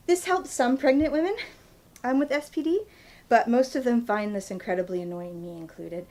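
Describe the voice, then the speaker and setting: A woman's voice: on the high side, normal speed, a little mellow, poor audio. Chatty woman physical therapist. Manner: chatty, laughs at herself while demonstrating. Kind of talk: instructional vlog demo.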